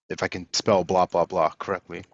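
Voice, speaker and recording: A man's voice: low voice, no room sound. Playful man hosting a video call. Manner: playful, energetic, reads out audience shout-outs. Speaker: webinar host. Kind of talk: upbeat online session hosting. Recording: dull lo-fi video call audio.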